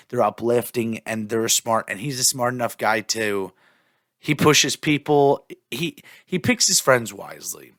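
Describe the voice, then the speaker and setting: A man's voice: mid-range voice, no room sound. A man hosting his own podcast alone, ranting in a loose and profane way and breaking off sentences to start over. His voice sits in an ordinary middle range. It sounds dry and close, with no room sound. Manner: animated, profane, rambling with restarts. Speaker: podcast host and stand-up comic. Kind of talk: solo podcast rant. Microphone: podcast mic.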